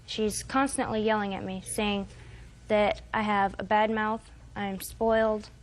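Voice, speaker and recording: A woman's voice: medium pitch, steady tone, a little slow. A woman in her twenties giving testimony as a defendant in court, rambling and hesitant, quoting what others said. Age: 20s.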